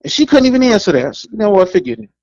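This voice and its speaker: Talking rapid-fire in a gravelly voice, a male podcast co-host spins blunt, foul-mouthed stories in a loose chat, mimicking the people involved in a raised pitch and laughing a lot. The sound is dull, with no echo.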